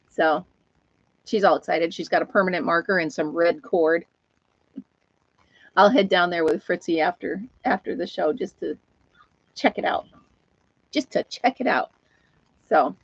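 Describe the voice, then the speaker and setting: A woman's voice: fairly low pitch, dry recording. Brief: older woman hosting a home live stream, rambling friendly chatter, dry close recording, muffled lo-fi audio. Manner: rambling, chatty, laughs often. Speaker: host of a live knitting chat stream. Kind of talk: casual live-stream chat. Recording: dull, lo-fi, dry sound.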